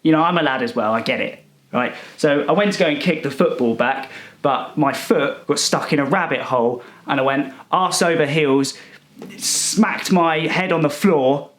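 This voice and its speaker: A young man telling a rambling, self-righteous comic story in a deadpan, indignant manner. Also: a little high, normal speed. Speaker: comedic character monologue performer.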